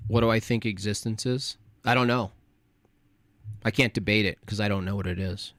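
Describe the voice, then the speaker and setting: A man's voice: lowish voice, fairly even intonation, moderate pace, fairly bright tone, dry recording. A man streaming live, reading his chat aloud and answering it with sarcastic, combative mockery.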